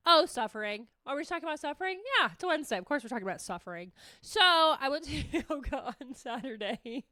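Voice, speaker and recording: A young woman talks alone into a podcast mic, her voice high and bright. She rambles from one thought to the next, swearing casually and mocking herself. The sound is close and dry. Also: clean tone, no echo. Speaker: podcast host. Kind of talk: casual solo chat.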